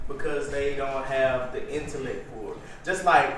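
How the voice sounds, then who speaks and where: A man's voice: mid-range voice, moderate pace, a crowd in the background, poor audio. A man in a casual chat, rambling with lots of "you know what I'm saying.".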